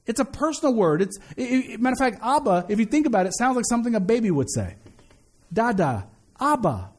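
High-voiced joking pastor preaching. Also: male voice. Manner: conversational, joking asides to the congregation. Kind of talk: sermon. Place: church sanctuary.

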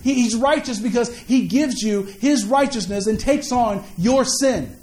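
A man's voice: very high voice, a little slow, few pauses, darkish tone. A man preaching a sermon in a conversational way, repeating words and asking the listeners questions. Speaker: pastor.

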